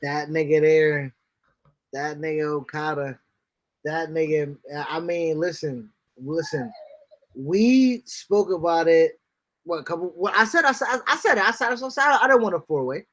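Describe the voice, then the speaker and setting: A man co-hosting a wrestling podcast in casual chat, slangy and animated, cutting in and repeating himself for emphasis. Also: fairly high pitch, moderate pace. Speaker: podcast co-host.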